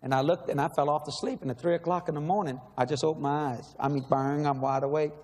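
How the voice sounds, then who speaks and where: A middle-aged man, telling a story in a sermon with animated energy, laughing and shouting at the peaks. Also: on the high side, quick pace. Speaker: preacher. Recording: long reverb in a large hall, faint noise.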